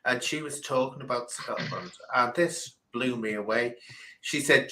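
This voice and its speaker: On a rough recording, a man with a medium-pitched voice talks at a measured pace. He hosts a casual live stream, telling stories animatedly and leaning on emphatic repetition.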